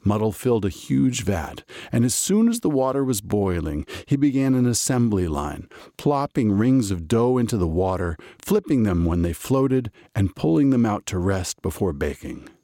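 A man narrating a storybook in a lively, expressive storytelling manner. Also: fairly low pitch, no echo, studio quality. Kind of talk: storybook reading.

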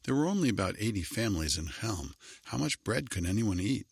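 A man reading a story aloud with wry, expressive narration. His voice is very low yet bright and husky, and his pitch moves a lot. The sound is dry and close. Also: a little fast, no room sound.

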